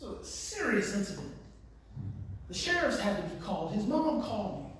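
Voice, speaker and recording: A man speaks passionately to parents in a strikingly high voice, repeating his phrases and swinging from hushed to loud. He stands well back from the microphone, and a heavy room echo surrounds his words. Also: big pitch swings, normal speed. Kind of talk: impassioned talk to parents. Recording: very echoey room, far from the mic.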